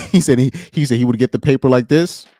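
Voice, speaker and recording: A man's voice: mid-range voice, a little fast, mellow, no room sound. A young man streaming alone, chatting casually in slang, rambling and laughing as he goes. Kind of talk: casual chat.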